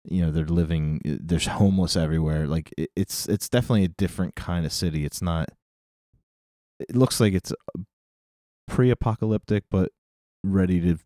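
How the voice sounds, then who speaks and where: A man with a very low, mellow voice co-hosting a casual movie podcast. He talks bluntly and emphatically, repeating words to drive his point home. The recording is dry and close. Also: normal speed, no room sound. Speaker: podcast co-host.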